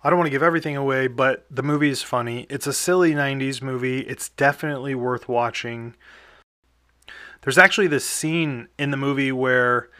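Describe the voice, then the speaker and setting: A man's voice: mid-range voice, brisk, pushed and bright, no echo, studio quality. A young man hosting a casual podcast, rambling through a movie review with lots of fillers and small chuckles.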